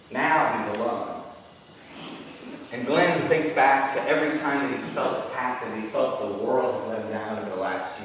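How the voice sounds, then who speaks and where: A male comedian retelling a novel on stage, sarcastic and laughing as he goes, sometimes mumbling and sometimes shouting. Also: mid-range voice, heavy reverb, long reverb tail, distant mic, a little hiss or hum, rough recording. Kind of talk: stand-up storytelling.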